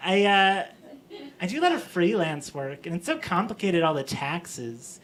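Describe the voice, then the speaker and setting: A man's voice: high-pitched, big pitch swings, moderate pace, fairly bright tone. A man performing stand-up comedy on a small theatre stage, wry and self-deprecating, building to exasperated punchlines. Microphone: stage mic. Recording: live audience laughter.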